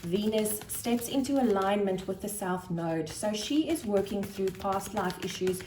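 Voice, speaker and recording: A woman giving a spiritual tarot card reading, soft-spoken and thinking aloud with gentle pauses. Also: medium pitch. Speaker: tarot reader. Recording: roomy echo with faint noise.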